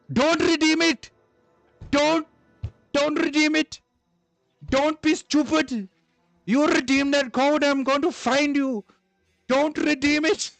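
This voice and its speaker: A man voicing a furious phone scammer who yells threats in a high, strained voice. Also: fairly even intonation, very slow, creaky, long pauses, no echo, faint music behind, heavily acted.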